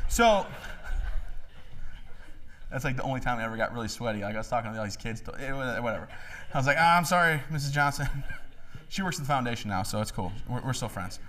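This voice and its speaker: A man in his thirties giving a joking, animated talk to a live audience in a hall. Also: medium pitch. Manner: joking, animated, acts out voices. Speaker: motivational speaker.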